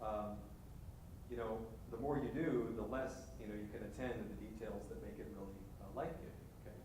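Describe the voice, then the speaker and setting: A man, a parish pastor, giving a halting leadership talk full of restarts and "right?" asides. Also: steady tone. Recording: echoey hall from far off, faint rumble.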